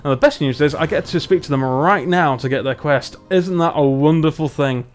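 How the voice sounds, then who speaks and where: Man, fairly high voice, chatty let's play commentary over faint music. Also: moderate pace, hardly any pauses. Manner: chatty and self-mocking. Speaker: gamer.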